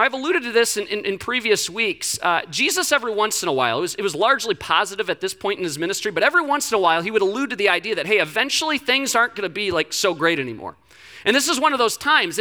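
A pastor preaching a lively, conversational sermon, joking and acting out scenes. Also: mid-range voice.

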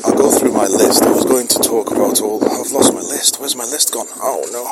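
A man's voice: medium pitch, a little fast. A middle-aged man musing aloud in a rambling, self-questioning solo monologue, recorded outside in the wind. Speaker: podcast host. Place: outdoors in the wind.

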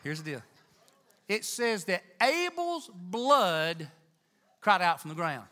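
Animated, high-voiced male preacher. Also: slow pace. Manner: animated, emphatic, rising to near-shouts. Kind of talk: sermon. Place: church.

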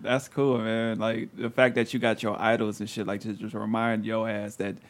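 A young man hosting a podcast in casual chat, loud and profane, laughing often. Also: fairly low pitch, little pitch movement, normal speed. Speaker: podcast host.

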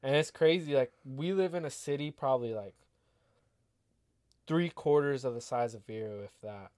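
A man's voice: mid-range voice, moderate pace, a little mellow, dry recording, studio quality. A man guesting on a podcast, telling stories in casual chat, blunt and profane. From Mexican family, raised in Florida.

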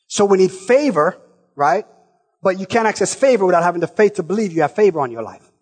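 A male preacher with a high, husky voice delivers a passionate sermon, swinging from shouted lines to soft asides and calling out to his listeners. His voice rings with a long reverb from a large church hall. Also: lively intonation, fast.

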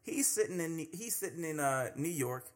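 A man's voice: on the high side, lively intonation, normal speed. A man hosting a solo commentary podcast, talking conversationally with many fillers and restarts. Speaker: podcast host.

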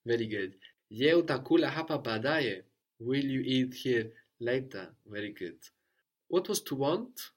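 A man with an ordinary mid-range voice leads a spoken language lesson. He prompts, corrects gently and echoes every answer back. His manner stays calm and encouraging. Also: mid-range voice, measured pace. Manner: patient, repeats and praises answers. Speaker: language teacher.

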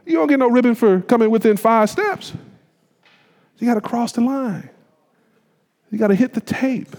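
A man's voice: very high voice, lively intonation, moderate pace, creaky, a little mellow. A man preaching a sermon, emphatic and colloquial, putting rhetorical questions to the congregation. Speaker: pastor. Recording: long reverb of a hall.

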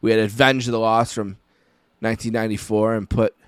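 A man in his forties, co-hosting a podcast, telling a personal story in a relaxed, reflective way. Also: fairly low pitch, fairly quick, clear, resonant tone, no room sound, clean studio sound. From United States. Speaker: podcast co-host. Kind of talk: casual podcast chat.

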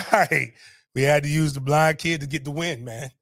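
A middle-aged man, telling a story in animated, profane casual talk on a podcast. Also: on the high side, normal speed, no echo.

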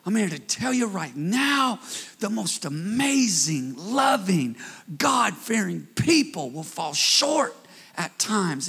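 This preacher's voice is high-pitched and gravelly, with a breathy edge. Leading the congregation in call-and-response, he shifts from soft asides to shouted stretches of his sermon.

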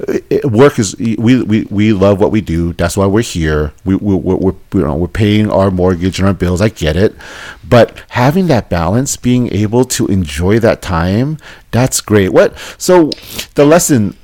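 A man's voice: fairly low pitch, animated, measured pace, a little mellow. A man hosting a casual podcast talk, joking with his guest and often repeating words as he goes. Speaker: host.

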